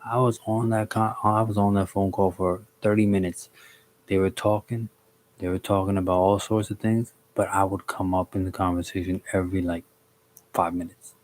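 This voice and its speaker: A young man from the DC, Maryland and Virginia area telling a story on a live stream in a relaxed, slangy way, greeting viewers by name. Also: low voice, normal speed, slight background noise. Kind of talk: casual storytelling on a livestream.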